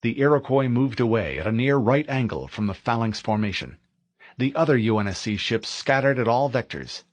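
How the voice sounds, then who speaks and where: A man narrating a military science fiction novel in a steady, dramatic audiobook reading. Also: medium pitch, normal speed, no echo.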